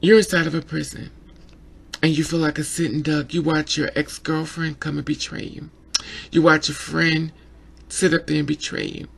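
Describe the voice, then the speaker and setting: A man's voice: fairly high pitch, flat delivery, normal speed, gravelly, a bit bright, breathy edge. A man giving an emotional opinion vlog about a documentary, repeating himself and stammering when upset. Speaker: vlogger reviewing a documentary.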